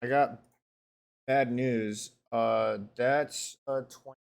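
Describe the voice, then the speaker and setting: A man's voice: medium pitch, fairly even intonation, slow, vocal fry, smooth. A man playing in a tabletop game, exasperated and protective of his character, swearing often. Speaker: player. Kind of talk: tabletop game play, casual chat.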